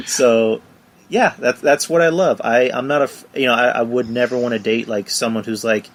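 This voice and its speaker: A man's voice: medium pitch, brisk, a bit bright. A man hosting a casual podcast chat, rambling with many fillers and laughing along. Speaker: podcast host.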